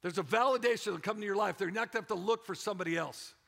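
A middle-aged pastor preaching a sermon with energy, repeating phrases for emphasis and rallying the congregation. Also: male voice, high-pitched, rapid-fire, gravelly, bright, forceful tone. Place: church sanctuary. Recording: echoey church hall.

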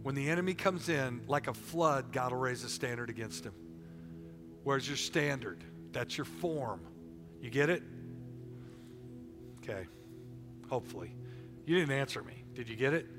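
A middle-aged man preaching a sermon, animated and repetitive, telling stories between points. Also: mid-range voice, moderate pace, long pauses, over music.

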